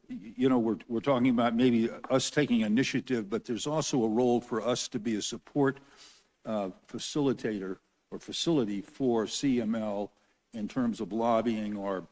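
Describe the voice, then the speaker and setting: A man chairing a city council meeting, speaking haltingly and often repeating words as he thinks. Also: fairly low pitch, darkish tone. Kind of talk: formal meeting talk. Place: council chamber.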